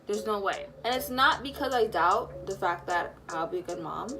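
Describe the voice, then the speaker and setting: A young woman casually retelling a personal story, animated and full of fillers, acting out what people said. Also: medium pitch, moderate pace, over music. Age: young adult. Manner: animated, lots of fillers, acts out quotes. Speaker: vlogger.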